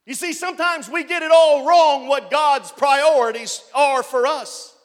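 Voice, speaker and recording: A man preaching a sermon as pastor, building up to loud shouted passages. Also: extremely high pitch, unhurried, in a large hall. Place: church.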